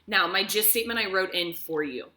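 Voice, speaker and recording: A woman's voice: medium pitch, a little fast, sharp tone. A woman teacher reading a story aloud and explaining it step by step, often checking in with "okay?". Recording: echoey room.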